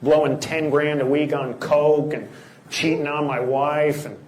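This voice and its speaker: A man's voice: on the high side, fairly even intonation, a little slow, darkish tone, reverberant, a little hiss or hum, low-quality recording. A man performing a stand-up comedy set on a large theater stage, delivering punchy one-liners.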